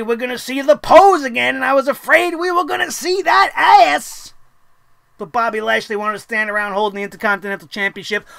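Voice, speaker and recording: A fed-up wrestling show host tears into the latest episode, swearing freely and piling up sarcastic rhetorical questions. The voice sits at a middling pitch and is recorded close and dry, with no room sound around it. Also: sharp tone, no room sound. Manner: blunt, profane, exasperated. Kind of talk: opinionated wrestling review rant.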